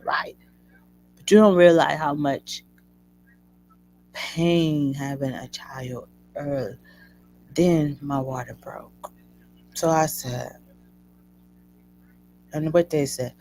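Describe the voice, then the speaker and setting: Slow, gravelly woman telling a personal story. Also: sits low, a little hiss or hum, low-quality recording. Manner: emotional, animated retelling addressing listeners as y'all. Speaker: host.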